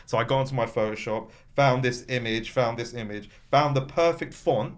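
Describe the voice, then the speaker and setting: With a mid-range voice, this man talks briskly and with few pauses while chatting casually. He rambles through an animated story, full of fillers and laughter.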